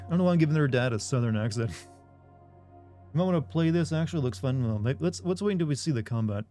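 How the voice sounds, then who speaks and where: A man's voice: mid-range voice, lively intonation, fast, mellow, soft background music. A man streaming a video game live, joking wryly and reading the game's text aloud.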